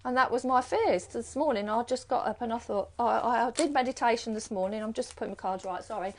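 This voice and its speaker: A middle-aged British woman speaks briskly in a fairly high voice, with a little hiss or hum in the recording. As host and card reader on a live stream, she chats casually, rambling through strings of rhetorical questions.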